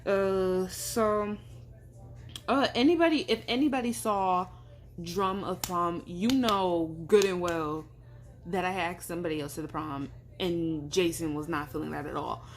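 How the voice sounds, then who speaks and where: A woman's voice: on the low side, a little slow. A woman telling a personal story in casual vlog chat, rambling with lots of fillers and acting out what people said. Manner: rambling, filler-heavy, acts out quoted dialogue.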